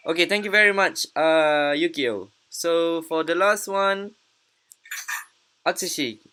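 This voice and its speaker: Woman teacher, online pronunciation class, slow and patient, bright voice, encouraging. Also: on the low side, smooth. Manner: patient, encouraging, repeats words slowly.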